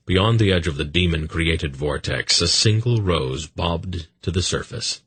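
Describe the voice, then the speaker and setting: A man's voice: low-pitched, animated, a little slow, hardly any pauses, a bit bright, husky, no echo. A man narrating an audiobook with intense, dramatic storytelling.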